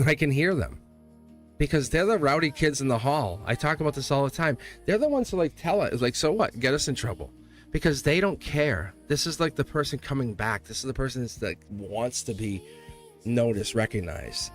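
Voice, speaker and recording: A man doing a live tarot reading, talking in an excitable, rambling way and laughing often between thoughts. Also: mid-range voice, fairly quick, faint music behind. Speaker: tarot reader.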